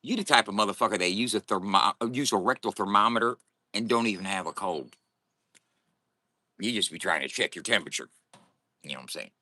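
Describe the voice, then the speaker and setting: A man's voice: lowish voice, expressive, a little fast, pauses often, bright, forceful tone, no echo. A man talking casually to camera in a morning vlog, boisterous and profane and laughing often. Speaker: vlogger.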